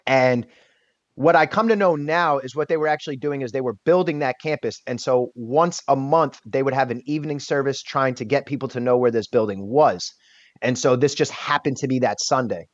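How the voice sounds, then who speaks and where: A man's voice: medium pitch, moderate pace, no room sound, muffled recording. Candid man telling his recovery story. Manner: candid, swears casually, restarts often. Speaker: podcast guest. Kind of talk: emotional personal storytelling.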